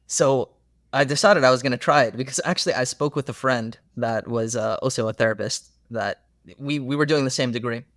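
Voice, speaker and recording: A man's voice: mid-range voice, brisk, dry recording. Earnest young man, dry close mic. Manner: earnest, animated storytelling with many fillers. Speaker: therapist guest. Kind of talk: casual podcast conversation.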